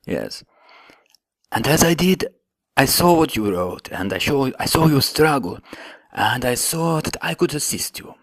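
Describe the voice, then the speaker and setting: A formal undying vampire count, voiced by a man, unhurried and elaborate in his phrasing. The sound is dry and close. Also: medium pitch, expressive, dry recording. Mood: stately.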